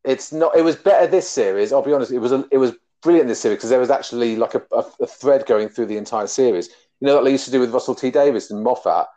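A man's voice: medium pitch, quick pace, few pauses, mellow. A man hosting a casual geek chat podcast, talking animatedly and laughing often. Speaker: podcast host. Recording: dull lo-fi sound.

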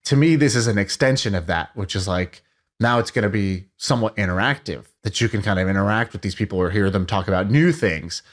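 A man's voice: lowish voice, expressive, brisk. A man co-hosting a podcast in casual chat, musing aloud and repeating words while he thinks. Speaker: podcast co-host.

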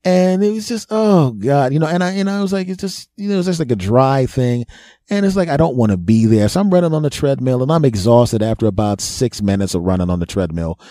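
A man's voice: medium pitch, animated, brisk, warm tone, no room sound, clean studio sound. A man hosting a podcast, delivering a profane, self-mocking comedic monologue. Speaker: podcast host.

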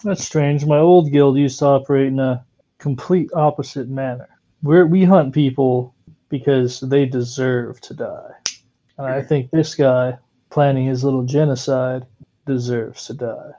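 A man's voice: mid-range voice, steady tone, unhurried, dark tone, muffled recording. A man playing a tabletop game, speaking bluntly in character. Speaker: player.

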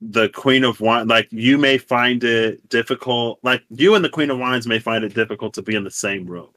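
Bright, animated man in casual chat. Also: medium pitch, moderate pace, dry recording. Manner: animated, expressive, playful, with slang and laughs. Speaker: podcast co-host.

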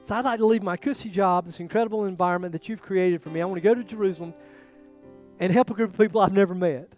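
A man preaching a sermon, acting out quoted prayers, shifting from loud bursts to near whispers. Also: high-pitched, fast talker, soft background music. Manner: dramatic, acts out biblical quotes with swings in loudness. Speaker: pastor.

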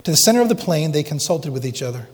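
A man preaching a sermon as pastor, earnest and dramatic, dropping to hushed tones at times. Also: a little high, sing-song, quick pace, long reverb tail.

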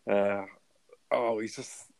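A man's voice: lowish voice, steady tone, takes it slowly, creaky, a little mellow, no echo. A man, co-hosting a podcast in an upbeat, casual chat. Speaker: podcast co-host. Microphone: remote call mic.

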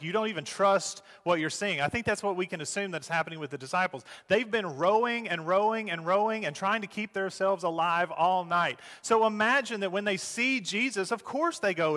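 A man preaching a sermon as a pastor, moving between loud urging and soft, slow phrases. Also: high-pitched, in a large hall.

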